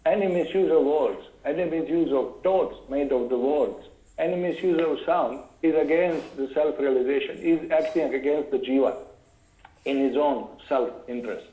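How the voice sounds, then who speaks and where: A man giving a scripture lecture, carefully explaining verses word by word and pausing to look up references. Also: fairly high pitch, dark tone, roomy sound, poor audio.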